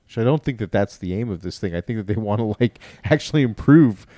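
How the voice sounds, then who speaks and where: A man's voice: on the low side, lively intonation, fast talker, dark tone, no room sound. A man co-hosting a podcast in laid-back casual chat, often agreeing along. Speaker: podcast co-host.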